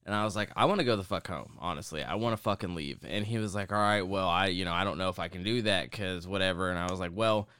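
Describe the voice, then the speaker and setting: A young man with a fairly low voice tells a rambling, swear-heavy story in casual podcast chat. His tone is bright and forceful, his voice clean and smooth. The sound is dry and close. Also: quick pace, hardly any pauses, no echo. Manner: profane, rambling anecdote-telling.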